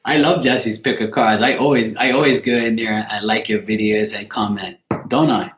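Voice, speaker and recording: A man's voice: on the low side, fairly even intonation, normal speed. A man hosting a casual tarot livestream, teasing and joking with his viewers. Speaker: tarot reader and streamer host. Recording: roomy echo.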